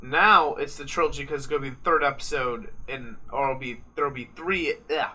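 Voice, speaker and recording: Speaking fairly quickly in a bright, forceful medium-pitched voice, a young man from the US co-hosts a podcast. He makes rambling, joking, profane late-night chat while watching a live fight.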